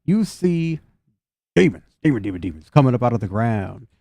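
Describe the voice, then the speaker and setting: A man's voice: medium pitch, big pitch swings, moderate pace, gravelly, mellow, no echo. A man narrating a tabletop game as game master, playful and laughing as he talks.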